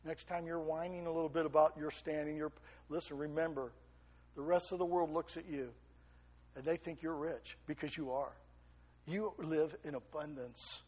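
A middle-aged man preaching a sermon, swinging between emphatic raised peaks and quiet asides. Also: a little high, steady tone, moderate pace, slightly rough. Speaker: pastor.

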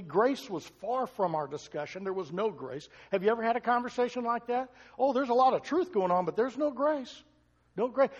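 A man's voice: high-pitched, husky, muffled recording. Man preaching in an echoing hall. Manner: conversational preaching with rhetorical questions. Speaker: pastor. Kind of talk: sermon.

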